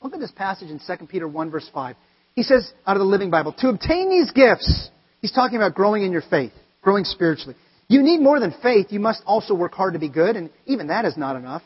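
A man preaching a sermon, telling stories with animated swings between loud exclaiming and quiet earnest talk. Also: high-pitched, fast, husky. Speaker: pastor. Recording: dull, lo-fi sound with long hall reverb.

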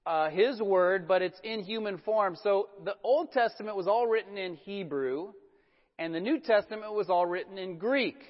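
A middle-aged male pastor giving a conversational sermon, telling relaxed, self-deprecating stories full of fillers. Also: high-pitched, moderate pace. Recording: dull sound with a long church-hall reverb.

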